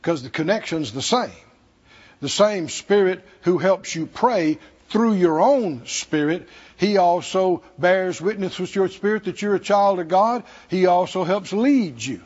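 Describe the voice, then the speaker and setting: A man's voice: high-pitched, expressive, measured pace, a little mellow, dull audio. A man with a Southern American accent preaching a sermon in a church, folksy and humorous, chuckling between points. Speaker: pastor. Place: church sanctuary.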